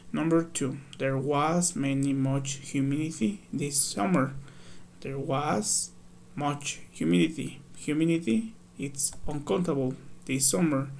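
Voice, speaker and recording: Male ESL teacher, gravelly, slightly high voice, patient step-by-step workbook walkthrough, faint hiss behind. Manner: patient, explains step by step, reads examples aloud. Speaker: English teacher.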